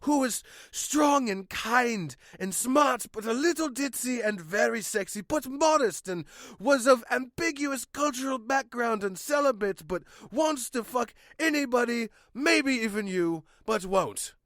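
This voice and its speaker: A man telling an absurd comic story in a deadpan, mock-dramatic way. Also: extremely high pitch, measured pace, no room sound, clean studio sound. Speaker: channel host and storyteller.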